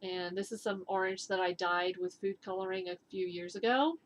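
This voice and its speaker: A woman's voice: mid-range voice, steady tone, moderate pace, a little hiss or hum. A woman hosting a knitting vlog from home, chatting casually and rambling with fillers and restarts. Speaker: knitting and fitness vlog host. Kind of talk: casual chatty show-and-tell. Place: at home indoors.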